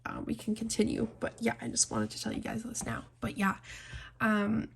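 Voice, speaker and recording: Gravelly-voiced woman chatting while coloring. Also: medium pitch, very animated, normal speed, slight background noise. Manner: rambling, heartfelt, talks straight to viewers. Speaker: coloring channel host. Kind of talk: casual chat while coloring.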